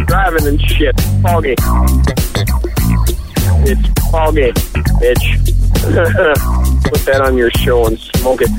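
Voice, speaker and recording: Brief: man doing a rambling, sing-song rowdy drunk, high and loud, music blasting. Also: huge pitch swings, slow, pauses often, exaggerated voice. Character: rambling drunk road-tripping dude, rowdy. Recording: music playing loud behind.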